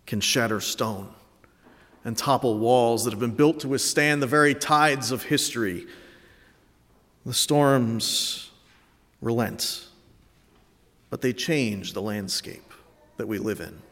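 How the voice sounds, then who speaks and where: A man in his late thirties from Connecticut preaching an Easter sermon, telling a story with reflective warmth and dry self-mocking humor. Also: mid-range voice, takes it slowly, long pauses, big-room sound. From Connecticut, USA. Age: late 30s. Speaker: pastor.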